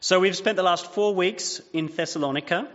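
A man's voice: high voice, moderate pace, a bit bright. Man preaching in a reverberant hall. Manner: chatty, self-deprecating storytelling with fillers. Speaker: pastor. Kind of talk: sermon. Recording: dull sound with long hall reverb.

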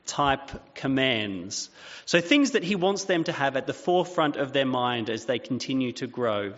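Male pastor, 30s, relaxed anecdotal sermon delivery; muffled recording with big hall reverb. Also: mid-range voice. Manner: chatty, self-deprecating storytelling with fillers. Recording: dull sound with long hall reverb.

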